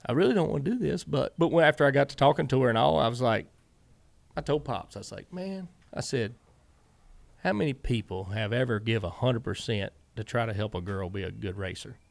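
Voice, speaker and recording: Southern guy, middle-aged, gravelly voice, rambles thru his stories w lots of "i said", dry close sound. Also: medium pitch, fairly quick, dry recording. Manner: rambling anecdotes, quoting himself and others with many "I said". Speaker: guest, former racing crew chief. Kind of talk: casual storytelling interview.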